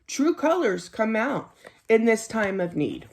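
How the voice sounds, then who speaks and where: A woman's voice: fairly high pitch, sing-song, a little slow, a little mellow. A middle-aged woman giving a casual tarot reading in a chatty, earnest way, laughing easily and often saying "you know.". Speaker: tarot card reader.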